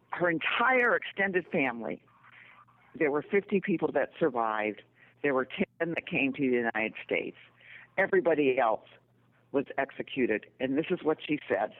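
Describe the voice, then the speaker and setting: A woman who writes books, calling into a radio interview. She tells her stories slowly and earnestly. Her voice comes through a tinny, phone-like line. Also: sits low. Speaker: author and radio guest.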